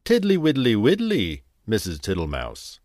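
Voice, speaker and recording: A man's voice: fairly low pitch, huge pitch swings, normal speed, no echo, studio quality. Mr. Jackson, a greedy, smiling toad, voiced by a man. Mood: sing-song. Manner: cheerful, sing-song and cheeky. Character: fat, wet, smiling male toad, easygoing and greedy.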